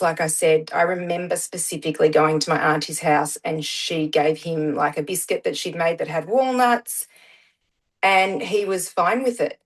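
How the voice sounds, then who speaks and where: A woman's voice: lowish voice, rough recording. A middle-aged woman, telling her story as a guest in a casual interview, with many "um" fillers. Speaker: guest, parent.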